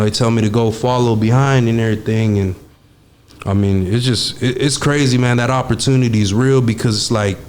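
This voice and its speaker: A man's voice: medium pitch, a little mellow, a little hiss or hum. A young man, telling stories as a guest in a casual interview, laid-back and streetwise, swearing freely and using many fillers. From Texas. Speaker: guest, studio engineer.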